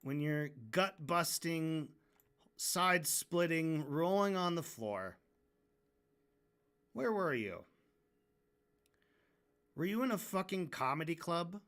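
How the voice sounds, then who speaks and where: Man, livestreamer, frank profane rant, slow deliberate delivery, bright forward tone. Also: a little high, lively intonation. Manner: frank, profane, restarts sentences often. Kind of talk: casual rant during a drawing stream.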